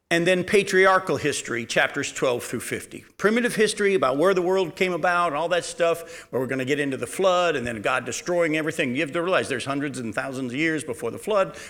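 Man, pastor, verse-by-verse sermon, conversational, emphatic, rhetorical questions, slightly high voice. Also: fairly bright tone. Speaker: pastor teaching a Bible study.

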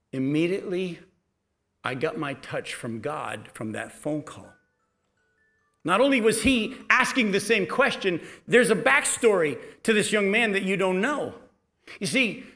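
A middle-aged pastor preaches in a voice sitting a touch high for a man. He drops to near-murmured storytelling, then rises sharply into loud, pleading exhortation. The sermon moves like spoken storytelling rather than a reading. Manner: storytelling, swings from quiet to loud emphatic preaching.

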